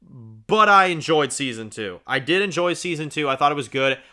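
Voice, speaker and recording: A man's voice: on the high side, expressive, normal speed, sharp tone. A young man hosting a TV review channel, talking casually in a rambling, profane way with many fillers and restarts. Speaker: TV review host.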